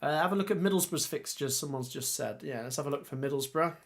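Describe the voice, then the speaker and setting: A man hosting a casual football livestream, reading viewer comments and reacting with excitable exclamations. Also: a little high, fast talker, gravelly. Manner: chatty, excitable, exclaims often.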